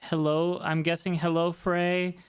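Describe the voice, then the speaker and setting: A woman's voice: lowish voice, little pitch movement, unhurried, clean tone. A woman streamer chatting casually with her live audience, rambling and talking straight to her chat. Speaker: VTuber streamer.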